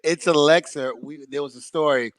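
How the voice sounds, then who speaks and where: A man's voice: on the high side, steady tone, normal speed, no echo. A man co-hosting a casual chat, playful and teasing, often laughing. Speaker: co-host.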